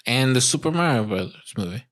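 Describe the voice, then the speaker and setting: Bright-voiced laid-back man chatting. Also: medium pitch, lively intonation, brisk. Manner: laid-back, laughs often, puts on mock Italian accents. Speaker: podcast co-host. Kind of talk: casual chat.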